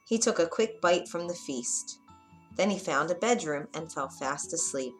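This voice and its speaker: A woman narrating a children's storybook in a clear, measured read-aloud manner. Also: low voice, animated, soft background music.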